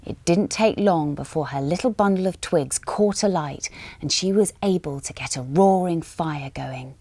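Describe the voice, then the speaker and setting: A woman narrating a children's storytime, expressive and dramatic, dropping to a hush at tense moments. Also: sits low, normal speed, dry recording.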